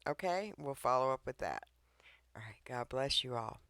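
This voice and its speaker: A man gives an informal devotional message, pleading and earnest, often pausing to check in with his listeners. His voice sits in an ordinary middle range with a gravelly, creaky edge. It is recorded close to the mic in a dead, dry room. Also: mid-range voice, animated, a bit bright, no echo. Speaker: online devotional preacher.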